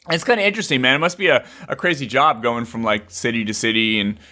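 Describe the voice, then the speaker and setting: A man in casual chat, an animated storyteller who gets excited and swears casually. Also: mid-range voice, moderate pace.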